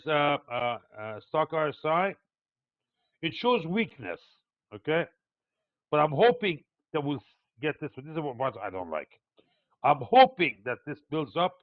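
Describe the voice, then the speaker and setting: A man's voice: on the high side, sing-song, moderate pace, no room sound. An older man with a non-native English accent, a market analyst teaching a live webinar, digressive and hesitant with many fillers as he explains step by step. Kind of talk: live chart walkthrough for traders. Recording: tinny phone-like dry sound.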